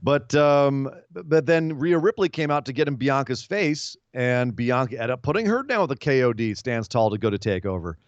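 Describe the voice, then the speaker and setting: A man's voice: mid-range voice, expressive, no room sound. A man co-hosting a podcast, rambling through a wrestling recap in casual chat. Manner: rambling, retells comedy segments with quick voiced asides. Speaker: podcast co-host. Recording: dull lo-fi podcast audio, dry.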